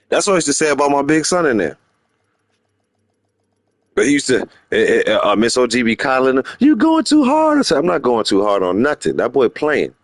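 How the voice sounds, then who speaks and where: A middle-aged man hosting a gaming livestream in casual street slang. He rambles and repeats himself for emphasis, jumping into high-pitched voices when he quotes people. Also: no echo. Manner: rambling and opinionated, slips into animated high-pitched quoting of others.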